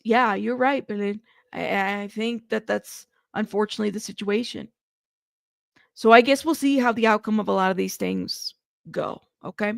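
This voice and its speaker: A woman hosts a news livestream in a casual, chatty way, speaking directly to viewers and laughing at herself. Her mid-range voice is creaky, and the studio-quality recording has no room sound.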